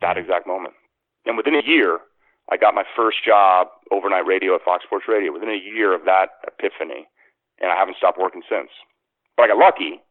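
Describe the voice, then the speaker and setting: A man's voice: sits low, a little fast, no room sound. A man spins a long, rambling story about his career, full of restarts and fillers. His voice reaches us over a narrow, tinny phone-like line. The sound is dry, with no room around it. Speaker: sports radio host, former actor. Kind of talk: casual storytelling interview.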